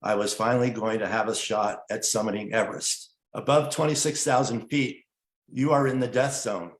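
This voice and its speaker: A man telling his own story in an earnest, measured way, narrating at a steady pace and getting emotional at times. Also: lowish voice, echoey room. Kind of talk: personal storytelling, partly read narration.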